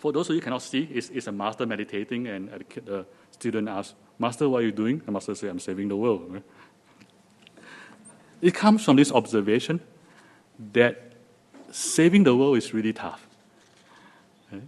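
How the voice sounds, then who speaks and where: A man's voice: medium pitch, expressive, moderate pace, long pauses, darkish tone. Chatty joking man with a Singaporean accent. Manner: joking, chatty, with many restarts and audience asides. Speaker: guest speaker. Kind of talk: talk to a live audience. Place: lecture hall with audience.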